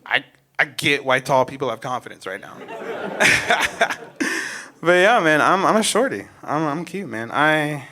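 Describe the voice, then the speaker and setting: A young man from Omaha performs a stand-up set with a bright, forward voice. His pitch moves a great deal, and he takes his time between quiet asides and loud punchlines. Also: sing-song, a little slow, pauses often. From North Omaha, Nebraska, USA. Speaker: stand-up comedian.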